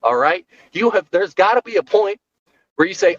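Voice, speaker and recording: A man's voice: high voice, expressive, moderate pace, fairly bright tone, muffled recording, a little hiss or hum. A man hosting a podcast and working as a personal trainer, giving a solo rant in an emphatic coaching tone that repeats key words.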